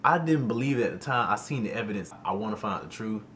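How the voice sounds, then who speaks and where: A young man telling a storytime vlog in an animated, slangy way, often exclaiming in disbelief. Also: lowish voice, quick pace, slight background noise. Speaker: YouTuber.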